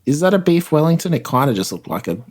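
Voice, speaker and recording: A man's voice: fairly high pitch, big pitch swings, quick pace, darkish tone. A man co-hosting a podcast in a casual chat, easygoing and hedging, often laughing. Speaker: podcast co-host.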